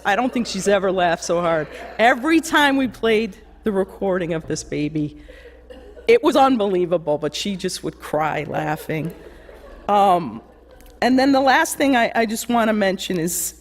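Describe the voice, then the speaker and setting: A woman shares fond anecdotes at a memorial in a church, laughing as she goes and acting out the voices of the people in her stories. Her voice sits at a middling pitch and carries a long reverberant tail from the big room. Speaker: eulogy speaker. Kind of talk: memorial remembrance.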